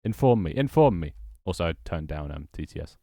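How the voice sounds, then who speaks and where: A man's voice: sits low, very animated, a little fast, dark tone, dry recording, studio quality. A young man chatting casually on a livestream, rambling and repeating his phrases as he greets viewers. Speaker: streamer and game developer.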